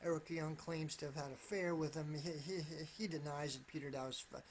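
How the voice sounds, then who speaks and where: With a slightly high, steady voice and brisk delivery, a man gives solo political commentary that rambles and hedges. Restarted sentences and a repeated "absolutely" mark his careful emphasis on each point. Slight background noise is audible.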